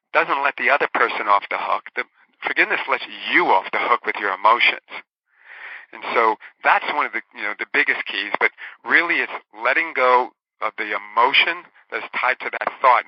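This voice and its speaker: Man talking earnestly as an author guest, middle-pitched, flat dry lo-fi sound. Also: husky, dry recording. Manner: earnest, explanatory, storytelling. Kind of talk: casual interview talk. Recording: dull dry lo-fi audio.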